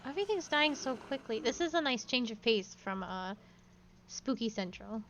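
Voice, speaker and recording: Playful higher-pitched woman streamer. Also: expressive, normal speed, a bit bright, a little hiss or hum. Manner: playful, chatty, reads game text aloud. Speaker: VTuber streamer. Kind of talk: casual gameplay commentary.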